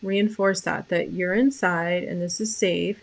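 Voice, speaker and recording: A woman hosting a live stream about animal communication, talking casually and softly, rambling with many fillers and restarts. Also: lowish voice, fairly even intonation, unhurried, gravelly, hardly any pauses.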